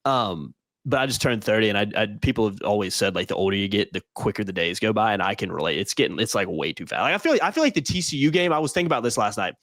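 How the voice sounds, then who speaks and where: A man in his thirties co-hosting a casual sports podcast, quick and agreeable, filling in with a lot of yeahs. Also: fairly low pitch, very animated, fairly bright tone, dry recording. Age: 30s. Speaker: podcast co-host.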